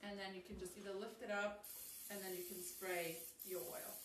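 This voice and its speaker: A woman's voice: medium pitch, level tone, moderate pace. A woman hosting a casual live-stream cooking demonstration from a home kitchen, chatty and upbeat, talking straight to her viewers with frequent ums. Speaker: host of a live cooking demo. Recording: echoey kitchen, distant mic, faint noise.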